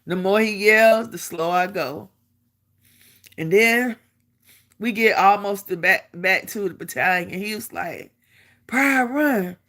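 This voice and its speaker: Animated woman telling a story. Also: mid-range voice, a little slow. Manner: animated, acts out quotes, laughs while telling. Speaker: vlogger. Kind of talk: casual storytelling.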